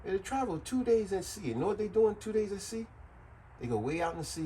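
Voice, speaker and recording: A man explaining things in a casual, joking way, circling back and repeating himself. His voice swings widely in pitch and sits a little high, and it sounds animated. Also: a little fast, slight background noise, rough recording. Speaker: vlogger.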